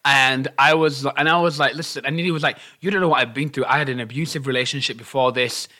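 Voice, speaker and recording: A young man telling a story in a casual chat, animated, acting out the other people's lines and laughing as he goes. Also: medium pitch, fast. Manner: animated, acts out quotes, laughs while telling.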